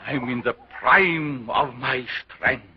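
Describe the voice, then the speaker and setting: An actor playing a sinister, pompous mad scientist who lectures a carnival crowd in theatrical 1930s film style. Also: male voice, mid-range voice, slow pace, close to an everyday voice. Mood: solemn. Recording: dull 1930s film soundtrack.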